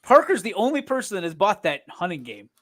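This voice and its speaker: A man's voice: sits high, wildly swooping pitch, fairly quick, a bit bright. A man co-hosting a sports show, bantering casually, rambling and teasing his partner. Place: streaming studio.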